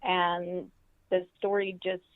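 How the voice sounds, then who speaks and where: A woman's voice: lowish voice, level tone, slow pace, no echo. An older woman, an author and professor, telling a story as an interview guest and acting out the quoted voices. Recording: tinny phone-like line.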